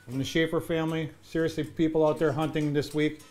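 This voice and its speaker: A man's voice: fairly high pitch, level tone, brisk, darkish tone, soft background music. A man talking casually to the camera while cooking in his home kitchen, chatty and often addressing the folks watching. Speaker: home cook in sponsor segment.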